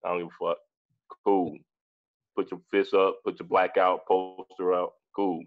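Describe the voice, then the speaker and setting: A low-pitched man in his forties speaks as a guest in a casual discussion, emphatic and blunt, swearing freely and circling back over his own phrases. The recording sounds dull and lo-fi. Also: little pitch movement, a little slow. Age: 40s. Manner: emphatic, profane, repeats himself.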